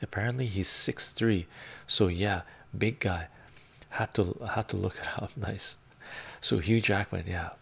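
A man with a somewhat low, gravelly voice talks casually on a live stream. He thinks aloud as he goes and laughs easily between remarks. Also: unhurried. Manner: chatty, laughs often, thinks out loud.

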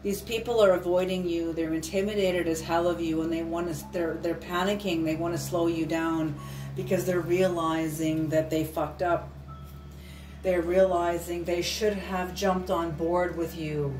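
Unhurried, on the low side and fairly even in intonation, a woman reads tarot intuitively. She stays earnest and emphatic, going over her points again and swearing now and then. Soft music plays, and the mic is distant in a roomy space.

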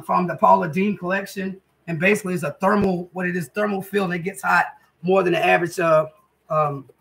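This cooking channel host, a middle-aged woman, chats homily with her viewers in a casual kitchen vlog, addressing them as guys and y'all. She speaks in a fairly low, gravelly voice that's a bit bright. Recording quality is poor.

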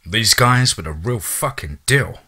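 A man narrating a first-person horror story in a casual, profane way, with a husky voice. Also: lowish voice, expressive, a little slow, bright, forceful tone.

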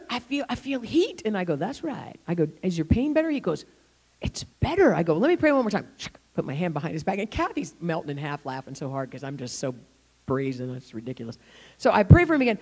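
A woman preaching in a church, telling a story with acted-out quotes and frequent laughter. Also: lowish voice. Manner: animated, acts out quotes, laughs often. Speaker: guest speaker. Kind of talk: sermon storytelling.

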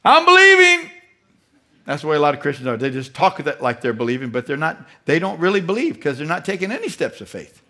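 A male pastor delivering a sermon with a fairly high voice. He leans hard on key phrases, says them again, and throws questions out to the congregation. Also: animated, fast.

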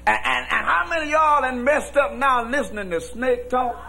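A man preaching a sermon as pastor, shouting in a folksy preaching cadence. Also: extremely high pitch, animated, moderate pace, vocal fry, a little hiss or hum. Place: church with congregation.

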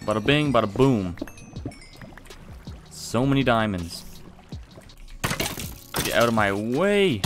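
A man giving casual let's-play commentary, excitable and chatty, talking to viewers while he plays. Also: medium pitch, measured pace, long pauses, music in the background. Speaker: gaming video host.

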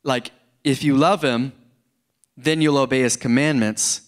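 A man's voice: medium pitch, fairly even intonation, measured pace. A middle-aged man preaching a sermon in church, conversational and earnest, often repeating words and rising into emphasis. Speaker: pastor.

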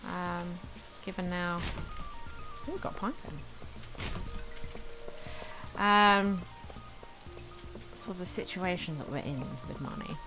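A woman with a low voice speaks slowly, leaving long pauses, as she hosts a casual let's play of a farming game. She's chatty and easily delighted, with game music playing beneath her voice.

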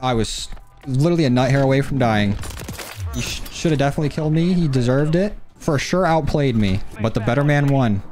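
Lively trash-talking gamer guy. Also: medium pitch, fairly quick, a little hiss or hum. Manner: animated, cocky trash talk. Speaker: gaming YouTuber. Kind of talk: casual gameplay commentary.

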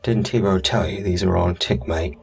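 A raspy, menacing drug dealer, as a storyteller puts him on, talking in a low, gravelly, flat, matter-of-fact way. Music plays clearly underneath the story. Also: male voice, normal speed, recorded from a distance. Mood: threatening.

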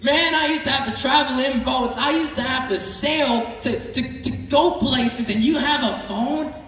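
A man preacher voicing the apostle Paul, asking eager, animated questions. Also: very high-pitched, unhurried, pitched above the performer's own voice. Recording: echoey hall from far off with music.

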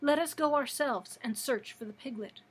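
A woman's voice: high-pitched, normal speed, slightly rough. Earnest young heroine, anxious and pleading, voiced by a woman. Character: earnest little girl, anxious. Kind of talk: storybook read-aloud.

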